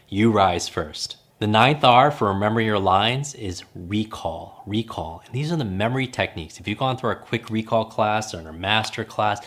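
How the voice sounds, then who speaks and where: A man with a very low voice coaches his listeners through a podcast lesson. He leans on emphasis and repeats his key points. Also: a bit bright. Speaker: memory coach hosting a podcast. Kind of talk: instructional podcast talk.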